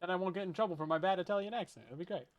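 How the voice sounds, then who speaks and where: A man's voice: sits high, rapid-fire, muffled recording. A man streaming a survival game, chatting casually with viewers in a joking, self-deprecating way and laughing often. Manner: rambling, chatty asides. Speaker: Minecraft streamer. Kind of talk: casual let's-play chat with viewers.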